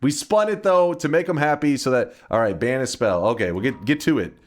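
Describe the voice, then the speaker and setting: A man live-streaming a game, chatting casually with his viewers, swearing freely and flaring up in high-pitched indignant outbursts. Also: expressive, a little fast. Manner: argues and banters with chat.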